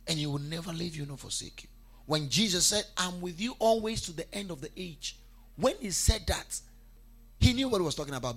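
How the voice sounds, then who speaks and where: A man preaching a sermon with emphasis, urging his congregation to repeat lines after him. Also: husky. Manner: emphatic, rises to fervent shouts and drops low. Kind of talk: sermon with congregation call-and-response.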